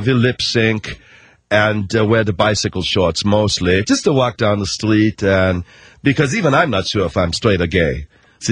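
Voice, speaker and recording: A man putting on a slow, dopey, pop singer. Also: fairly low pitch, breathy edge, dry recording, pitched below the performer's own voice. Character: dim, boastful male pop-duo singer.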